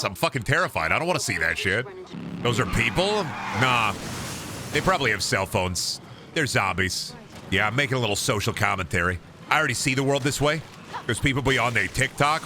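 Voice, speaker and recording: A man's voice: medium pitch, pushed and bright, slight background noise. A man streaming a video game, chatting casually with a profane, ranting manner and riffing with his chat.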